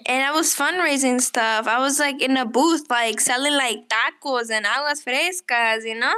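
Brief: high, bright-toned woman, rambling chatty guest storyteller. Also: moderate pace. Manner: rambling storyteller, heavy use of "like". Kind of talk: casual chat.

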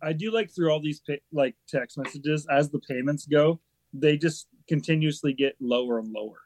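A man's voice: fairly high pitch, moderate pace, darkish tone. A man in a casual podcast chat, laid-back and wry, swearing offhandedly.

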